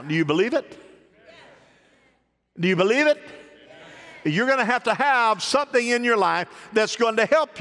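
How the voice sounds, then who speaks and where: Male pastor, high voice, call-and-response sermon, long church reverb. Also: fairly bright tone. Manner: call-and-response preaching, rising exhortation. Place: church sanctuary.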